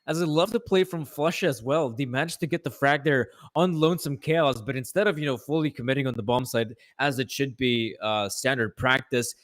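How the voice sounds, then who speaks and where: A man's voice: medium pitch, fairly quick, hardly any pauses, fairly bright tone. A man casting a live esports match, explaining rounds in an analytical, joking way. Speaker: esports caster. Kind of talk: live play-by-play commentary.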